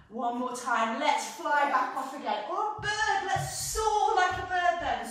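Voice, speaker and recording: Far from the microphone in a reverberant room, a young woman from England guides kids through pilates. She speaks in a high-pitched, somewhat bright British voice, keeping it sing-song, playful, and encouraging.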